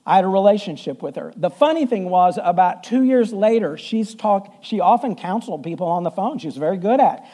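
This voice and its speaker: Middle-aged male pastor, warm mellow tone, humorous storytelling sermon. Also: sits high, expressive, a little fast, few pauses. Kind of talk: conversational sermon. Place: church.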